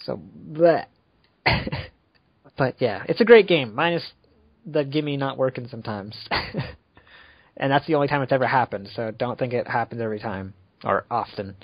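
A man hosting a casual gaming podcast, talking in a relaxed, rambling way with lots of fillers. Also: mid-range voice, moderate pace, long pauses, no echo, dull audio. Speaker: podcast host. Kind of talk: casual chat.

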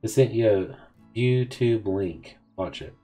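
Deep-voiced man reading texts aloud. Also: slow, mellow, soft background music. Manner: casual, offhand reading of both sides of a chat. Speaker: gaming video host. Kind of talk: reading in-game text messages aloud.

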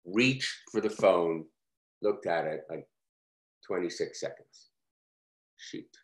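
Very slowly and with frequent pauses, a low-voiced course speaker tells a personal story, speaking frankly and casually with many fillers. A roomy echo fills the recording.

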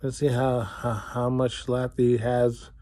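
A man's voice: mid-range voice, little pitch movement, slow pace, mellow. A man vlogging an indignant, rambling, sarcastic rant straight to the viewer. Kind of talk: ranting to camera.

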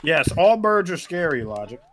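Upbeat male co-host, high bright voice, goofy, quick to laugh; casual group banter. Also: very animated. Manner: joking, goofy, breaks into laughter. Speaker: co-host chatting during a game stream.

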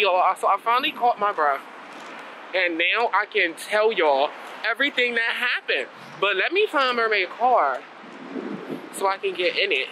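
A man's voice: high voice, lively intonation, normal speed, sharp tone. A man vlogging while on the move, exclaiming and ranting in sassy slang into a handheld camera. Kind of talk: casual vlog chat. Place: streets and a train around Long Island and the city. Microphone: handheld phone or camera. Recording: noisy outdoor phone recording.

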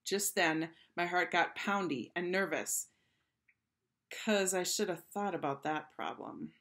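A woman teacher reading a children's storybook aloud with expressive first-person storytelling. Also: on the low side, slow pace.

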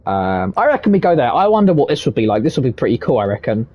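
A man giving loud, excitable gameplay commentary from his room, boastful and swearing freely, his voice hoarse from shouting. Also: medium pitch, fast talker. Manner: excitable, boastful, swears a lot, shouts and cackles in tense moments. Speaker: gaming video creator.

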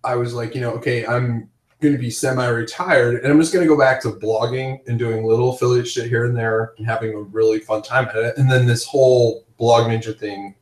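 A man's voice: medium pitch, steady tone, fairly quick, far from the mic. Man, casual podcast host, rambling storyteller, roomy echo, off-mic. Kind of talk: casual chat.

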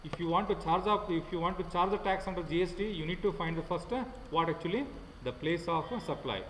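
A man with an Indian English accent teaching an online class, talking haltingly with many fillers and repeating himself. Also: sits high, a bit bright, roomy sound, in a large hall, slight background noise, rough recording. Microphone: computer mic without headphone.

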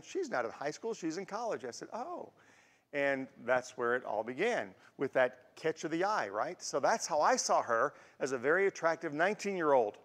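A man in his sixties giving a conversational sermon as a guest preacher, telling personal stories to make his points. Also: mid-range voice. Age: 60s. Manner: warm storytelling with personal anecdotes. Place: church sanctuary. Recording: long church-hall reverb.

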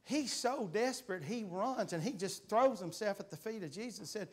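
A man preaching in a church, reading scripture aloud and building to fervent, pleading shouts. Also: high voice, animated, moderate pace, breathy edge. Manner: reads scripture aloud in King James wording. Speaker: guest preacher. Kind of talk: revival preaching. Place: church sanctuary.

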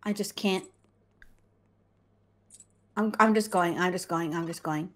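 A woman playing a video game with a partner, excitable and bossy, shrieking and calling out commands. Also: fairly low pitch, measured pace. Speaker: gaming co-host. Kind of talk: casual game commentary.

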